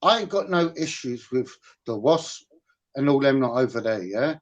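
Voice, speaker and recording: A man's voice: medium pitch, lively intonation, moderate pace. A man on an online call, blunt and combative, swearing as he argues his point. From London, of Irish parents. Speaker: participant in an online call-in argument. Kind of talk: heated casual argument.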